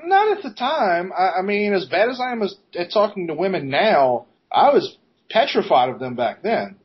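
A man co-hosting a podcast, telling a story in a casual, animated way, laughing and swearing as he goes. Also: high-pitched, moderate pace, breathy edge. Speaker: podcast co-host. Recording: dull lo-fi podcast recording.

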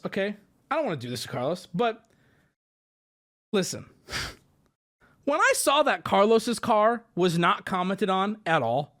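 A male streamer tells a story in an animated, indignant rant. His voice swings widely, shooting up when he's exasperated, and he swears freely. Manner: voice jumps high when exasperated.

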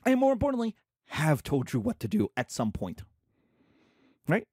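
A man's voice: fairly high pitch, wildly swooping pitch, moderate pace, a little mellow, husky, no room sound, clean studio sound. A man lecturing as a professor, asking and answering his own questions and acting out little scenes. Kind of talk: lecture to students.

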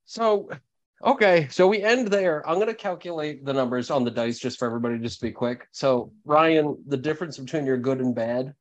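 A man's voice: medium pitch, a little fast, highs cut off. Guy running a tabletop game, explaining rules, laid-back. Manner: explanatory, casual. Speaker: game master.

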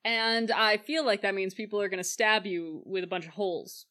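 Bright-voiced chatty woman. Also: medium pitch, moderate pace. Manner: animated, acts out lines in silly voices, laughs often. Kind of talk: casual film discussion.

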